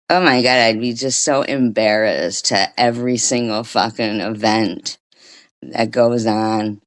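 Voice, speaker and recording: A woman's voice: a bass voice, fairly even intonation, unhurried. A woman hosting a livestream, ranting casually and profanely with frequent restarts. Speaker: livestream host.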